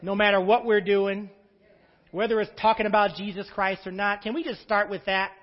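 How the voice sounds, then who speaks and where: A man's voice: high voice, flat delivery, moderate pace, long reverb tail, muffled recording. A man preaching a sermon as pastor, calling out to the congregation for responses.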